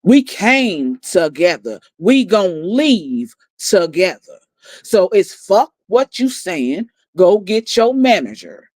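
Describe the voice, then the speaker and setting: Brief: blunt livestreamer retelling a night out, mid-pitched, dry close sound. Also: very animated, slow pace, darkish tone, dry recording. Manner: blunt and profane, repeating lines for emphasis. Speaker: livestream host. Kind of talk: heated storytelling recap.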